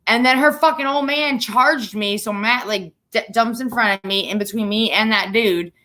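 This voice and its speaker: A woman's voice: on the high side, normal speed, sharp tone. A young woman hosting a casual chat, telling stories bluntly with plenty of swearing. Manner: profane, blunt storytelling. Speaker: podcast host.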